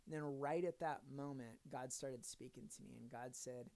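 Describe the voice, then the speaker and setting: A man's voice: mid-range voice, moderate pace, gravelly, hardly any pauses, warm tone. A man in his thirties or forties, a father, giving a casual devotional talk in an earnest storytelling manner with joking asides. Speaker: Christian video speaker.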